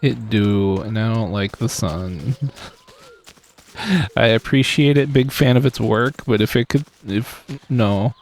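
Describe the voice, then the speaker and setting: A male game streamer talks his way through play in a loose, rambling manner. He pokes fun at himself and laughs often. His voice is gravelly and his pace is slow and unhurried. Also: fairly low pitch. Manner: rambling, self-deprecating, chuckles often. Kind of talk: casual live-stream chat while playing.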